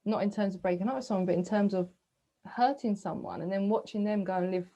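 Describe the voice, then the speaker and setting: Soft-spoken woman coaching reflection. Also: medium pitch, poor audio. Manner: soft, searching, asks listeners questions with a gentle 'hmm?'; breathy sighs, slow reflective pauses. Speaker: spiritual coach. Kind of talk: guided self-reflection talk.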